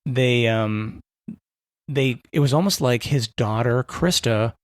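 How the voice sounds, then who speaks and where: A man's voice: mid-range voice, slow, dry recording, studio quality. A man co-hosting a podcast in casual chat, rambling and correcting himself with a wry humor. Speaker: podcast co-host.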